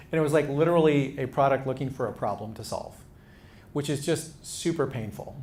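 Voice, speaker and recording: A man's voice: medium pitch, steady tone, fast, a little mellow, slight background noise. A man mentoring startup founders in a casual, conversational talk to a live audience, with frequent restarts.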